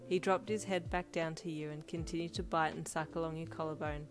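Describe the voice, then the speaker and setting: A woman narrating a second-person fan fiction audiobook in a steady storytelling read. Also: low voice, fairly quick. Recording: loud music bed under voice.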